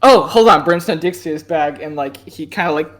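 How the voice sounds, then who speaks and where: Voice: mid-range voice, a little fast, fairly bright tone, faint music behind. A player doing a rambling, self-deprecating male werewolf adventurer. The delivery stays close to an everyday voice, loose and chatty at the game table.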